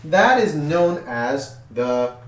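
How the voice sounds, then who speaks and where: A man's voice: fairly high pitch, big pitch swings, very slow, fairly bright tone, distant mic. A man teaching a music class for young children, counting in, chanting and coaxing the kids to join. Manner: upbeat, coaxing, counts in and chants call-and-response. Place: room with chalkboards. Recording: echoey room.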